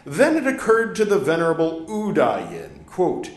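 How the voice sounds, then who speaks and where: A man's voice: on the high side, huge pitch swings, measured pace, few pauses. A man hosting a podcast, reading a religious text aloud and breaking off for wry, joking asides. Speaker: podcast host reading scripture. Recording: echoey room.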